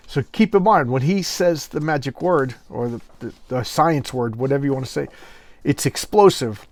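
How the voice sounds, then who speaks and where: A man recaps a comic book in a loose, chatty way, tossing in offhand asides. His pitch is ordinary for a man. The recording is dry, with no room sound. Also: normal speed, no echo. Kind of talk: casual retelling of a comic.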